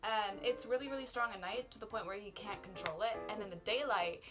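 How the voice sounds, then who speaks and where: A woman's voice: medium pitch, fairly quick. A young woman hosting a casual chat, quizzing a friend, giggly and rambling with lots of likes and restarts. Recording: music playing underneath.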